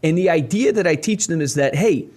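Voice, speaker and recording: A man's voice: on the high side, expressive, a little fast, a little mellow. A man co-hosting a podcast, speaking emphatically in a coaching tone to his audience. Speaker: podcast co-host. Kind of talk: casual podcast chat.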